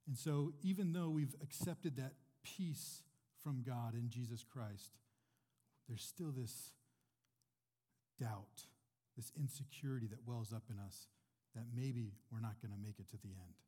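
A male pastor preaches a relaxed, conversational sermon, putting rhetorical questions to his congregation at an unhurried pace. His warm, mellow voice sits at an ordinary pitch and rings with the long reverb of a church hall.

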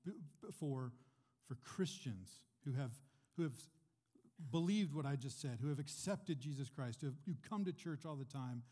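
A male pastor preaching in a relaxed, conversational way, putting rhetorical questions to his congregation. His voice is warm and mellow, at an ordinary pitch. It rings with the long reverb of a church hall. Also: moderate pace. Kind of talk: sermon.

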